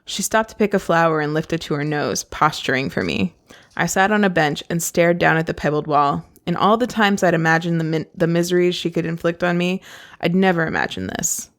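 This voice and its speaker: A woman podcast host reading a novel aloud and breaking off with gushing, excitable asides. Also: on the low side, brisk.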